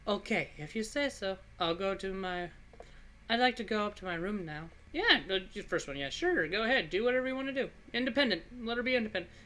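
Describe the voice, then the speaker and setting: Male YouTuber, casual playthrough, reads choices aloud and jokes along, bright and forceful. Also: high-pitched, expressive, brisk. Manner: reads dialogue aloud, joking and reactive. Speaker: gaming YouTuber. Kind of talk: casual game playthrough commentary.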